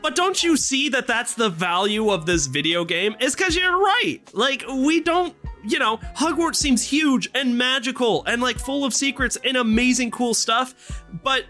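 A man co-hosting a casual gaming podcast, animated and playfully theatrical, laughing often. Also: extremely high pitch, a little slow, soft background music. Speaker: podcast co-host. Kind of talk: casual chat.

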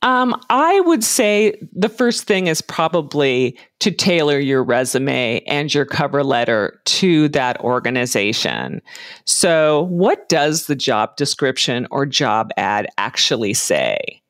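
A woman answering interview questions about job hunting in a measured, advising way, with frequent ums and uhs. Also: a bass voice, sing-song, no echo, clean studio sound. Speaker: career and hiring advice guest.

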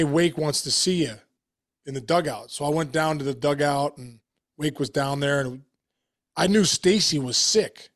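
A man co-hosting a sports podcast, speaking in a heartfelt, halting way with many restarts. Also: mid-range voice, dry recording, clean studio sound. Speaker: podcast co-host. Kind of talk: casual chat.

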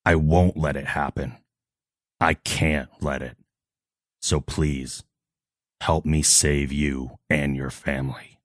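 A man doing a grim, very deep Batman. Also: steady tone, no room sound, studio quality. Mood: resolute. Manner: solemn, measured delivery. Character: grim brooding male vigilante hero.

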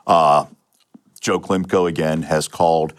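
Appearing as a podcast interview guest, this retired police sergeant from Pennsylvania is a middle-aged man with a notably low voice and a steady tone. He relates his own experience plainly, frequently starting phrases over and filling pauses with "um" and "uh."

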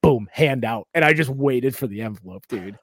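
A man's voice: medium pitch, moderate pace, slightly rough, dry recording, clean studio sound. A man, a comedian co-hosting a podcast, telling a story in casual chat, acting out the other people and swearing freely. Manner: animated, acts out quotes, swears freely.

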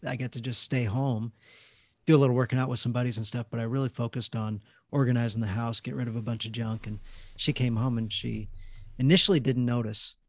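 A man hosting a podcast, telling stories in a lively, friendly conversational way. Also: mid-range voice, fairly quick, no echo. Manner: lively storytelling. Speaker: podcast host. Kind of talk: casual chat.

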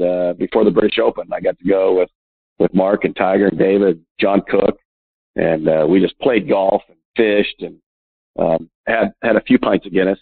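Husky-voiced man in his fifties on a phone line. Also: fairly low pitch, no echo. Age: 50s. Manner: chatty anecdotes, laughs often, many filler uhs. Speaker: guest, professional golfer. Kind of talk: interview storytelling. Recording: tinny phone line, dry.

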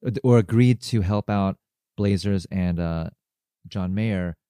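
A man co-hosting a podcast, talking about a drama in a hesitant, halting way. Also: sits low, dark tone, clear, resonant tone, no room sound, clean studio sound. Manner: hesitant, halting, with many fillers and restarts. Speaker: podcast co-host. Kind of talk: casual chat.

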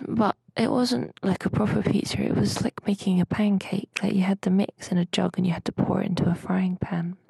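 Young woman, deep vocal fry, breathy husky tone, rambling casual storytelling, podcast co-host. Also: flat delivery, fairly quick, few pauses, darkish tone, dry recording. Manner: rambling, chatty storytelling with mild swearing. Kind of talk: casual chat, recounting a dream.

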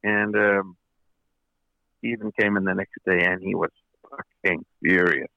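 A man's voice: sits low, steady tone, measured pace, vocal fry, pushed and bright, dry recording, muffled recording. A man, a record producer as an interview guest, telling long anecdotes with many fillers and restarts. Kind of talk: interview storytelling.

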